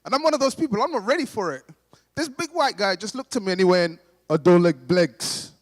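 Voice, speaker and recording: A man's voice: very high voice, sing-song, fast, a bit bright. A young man with a London accent doing a chatty stand-up set, talking straight to the crowd and acting out the people in his stories. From Britain. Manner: chatty, addresses the crowd directly, acts out quoted voices. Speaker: stand-up comedian. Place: large hall at a gala dinner. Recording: live hall with long reverb.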